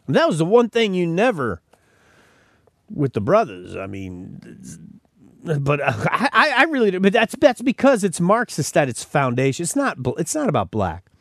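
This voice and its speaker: Male podcast host, lively swooping delivery, emphatic, restarts his sentences. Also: fairly high pitch, moderate pace, no room sound, clean studio sound. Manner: emphatic, repeats words when starting sentences. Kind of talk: opinionated commentary.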